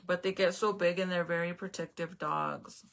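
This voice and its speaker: A woman's voice: lowish voice, steady tone, normal speed, gravelly. A young woman at home chatting casually on a live stream, rambling, swearing now and then and answering viewer comments. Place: at home, indoors.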